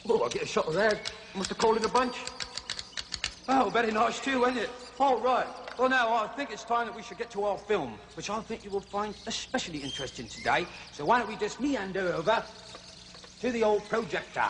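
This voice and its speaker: Playing the jovial zoo host of a 1970s children's comedy show, a man portrays a bumbling jungle explorer who chatters, laughs at his own jokes, and flusters easily. His voice sits high, expressive and a little fast, over music and background noise.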